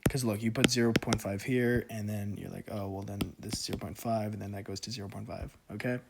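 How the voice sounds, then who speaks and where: A man casually teaching an economics lesson, chatty with joking asides and lots of fillers, working through the math and pausing now and then with hiccups. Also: fairly low pitch, steady tone, gravelly, heavy background noise. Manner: slow deliberate explaining. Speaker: economics tutor.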